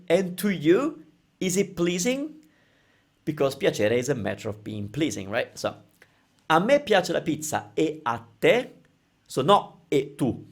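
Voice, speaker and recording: A man teaching a grammar lesson in English, explaining with emphatic example phrases. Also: on the high side. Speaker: Italian language teacher.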